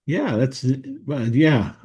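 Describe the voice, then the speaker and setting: A man co-hosting a casual podcast, thinking aloud with many pauses and restarts. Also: medium pitch, big pitch swings, darkish tone, slightly rough, muffled recording. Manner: thoughtful, hesitant, many fillers and restarts. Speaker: co-host of a wrestling history show.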